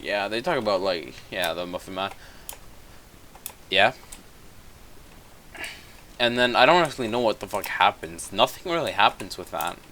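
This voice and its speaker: A man's voice: lowish voice, sharp tone, a little hiss or hum. A young man casually retelling a story while gaming, rambling, swearing constantly and correcting himself as he goes. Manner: profane, rambling, self-correcting. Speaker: gaming commentator.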